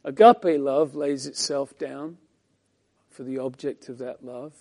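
A man preaching a Bible-teaching sermon as pastor, swinging between emphatic lines and hushed ones. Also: mid-range voice, fairly even intonation, slow pace.

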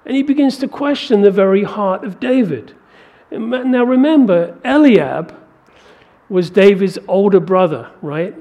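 A man with a high voice delivering a sermon. His preaching is emphatic, rising to forceful peaks as he drives each point home. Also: animated, measured pace.

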